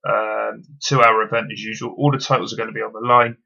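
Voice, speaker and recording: A man's voice: fairly low pitch, little pitch movement, quick pace, vocal fry, sharp tone, lo-fi sound. A man giving a casual solo review of a wrestling show, blunt and opinionated, swearing, with lots of ums.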